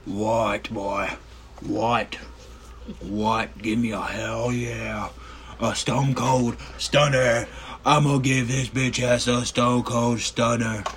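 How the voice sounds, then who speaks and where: A man putting on an impression of a brash, gruff tough-guy wrestler, drawling slowly. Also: mid-range voice, level tone, a bit bright, slight background noise. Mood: growling.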